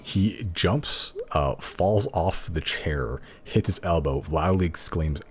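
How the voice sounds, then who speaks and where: A man's voice: low voice, slow pace. A man narrating as game master of a tabletop game in a loose, rambling way. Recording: faint music behind.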